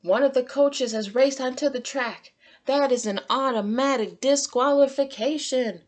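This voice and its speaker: A woman's voice: high voice, a little slow, pitched above the performer's own voice. A woman reading the lines of a male race announcer in a storybook. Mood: announcing. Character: sports announcer, male, excitable.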